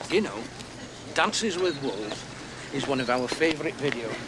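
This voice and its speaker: An actor playing a chatty, blundering pub landlord in a TV drama. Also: male voice, medium pitch, expressive, a little slow, background noise, natural voice. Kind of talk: TV drama acting. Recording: busy crowd behind.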